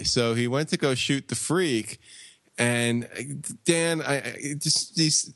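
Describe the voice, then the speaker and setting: Guy cohosting a podcast, rambling deadpan storyteller, dry close sound. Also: mid-range voice, slow pace, dry recording. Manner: rambling, deadpan tall tales. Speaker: podcast co-host. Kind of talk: casual comic chat.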